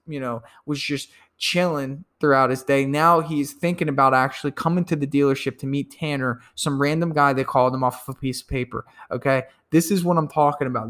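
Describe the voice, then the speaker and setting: Emphatic man coaching sales calls. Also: on the high side. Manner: emphatic, acts out phone calls; repeats words when excited. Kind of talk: sales training talk.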